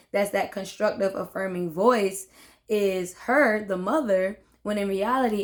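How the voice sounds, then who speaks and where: A young adult woman hosting a casual book discussion, talking in a relaxed conversational way and often checking in with "right?" and "you know what I'm saying". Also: mid-range voice. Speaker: host of a self-love book discussion. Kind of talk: casual reflective talk.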